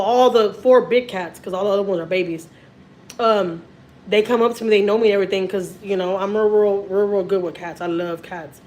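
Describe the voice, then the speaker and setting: A woman with a Texan accent chatting casually on a family live stream, animated and repeating herself as she talks while holding a phone in her kitchen. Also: medium pitch, slight background noise. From Houston, Texas. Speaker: family vlogger. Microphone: handheld phone.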